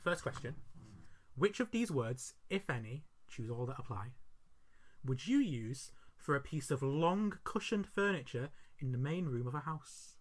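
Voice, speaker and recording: Animated, laughing podcast co-host man. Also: medium pitch, unhurried. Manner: animated storyteller who laughs often. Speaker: teaching assistant. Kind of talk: casual chat.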